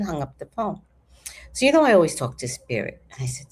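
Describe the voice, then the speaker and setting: A woman in her fifties telling a story to her viewers in an animated, chatty way, swearing freely. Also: low-pitched, brisk, slightly rough. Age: 50s. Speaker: vlogger. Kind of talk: casual storytelling to camera.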